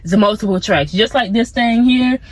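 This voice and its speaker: A young woman talks outdoors in a laid-back, rambling motivational vlog and keeps drifting into side thoughts. Her voice sits fairly high. The sound is close and dry. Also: brisk, dry recording, rough recording. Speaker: vlogger. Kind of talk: casual motivational chat. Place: outdoors among plants.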